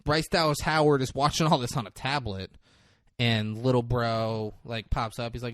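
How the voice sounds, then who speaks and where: A young podcast co-host recaps a movie in casual chat, telling it animatedly, acting out lines, swearing a lot and laughing. He speaks at a medium pitch and normal speed, in clean studio sound with no room noise.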